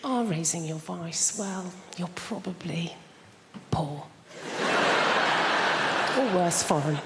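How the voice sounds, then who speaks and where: A woman's voice: lowish voice, slow pace. A woman from England doing a stand-up routine, chatty and self-deprecating, teasing the audience. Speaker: stand-up comedian. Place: large theatre stage. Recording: big theatre with long reverb and loud noise.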